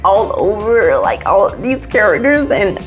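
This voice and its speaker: A woman's voice: very animated, measured pace, faint music behind. A woman hosting a casual video review, chatty and gushing, talking straight to her viewers, sometimes dropping to a whisper and sometimes jumping to a squeal. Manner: drops into hushed whispers and jumps to high squeals. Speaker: movie reviewer and channel host.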